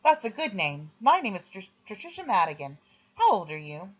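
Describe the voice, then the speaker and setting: A cheeky teenage girl, as a reader puts her on, lifts her voice high and bright and needles the boy next door. The recording sounds slightly dull and lo-fi. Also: very animated, brisk. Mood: teasing. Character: chatty teenage girl patient, teasing.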